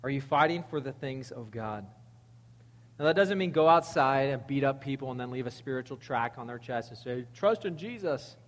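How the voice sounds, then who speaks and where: A man preaching a sermon in a conversational, animated way, reading verses and acting out quotes. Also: medium pitch, brisk, long reverb tail. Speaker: pastor.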